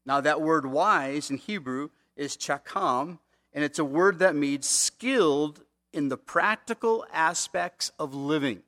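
A man's voice: on the high side, takes it slowly, a bit bright. A man preaching a conversational sermon, asking the congregation rhetorical questions. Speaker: pastor.

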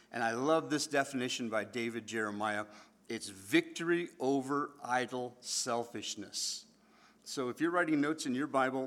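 A male pastor delivers a sermon in church with a bright, forceful voice. He keeps it animated, joking with the congregation and coaxing them to respond. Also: mid-range voice.

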